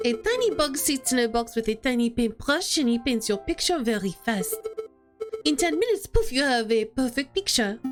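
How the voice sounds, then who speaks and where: A woman's voice: a little high, very animated, normal speed, faint music behind. A woman voicing a sweet, naive young noble cat lady in a visual novel read-aloud. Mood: innocent.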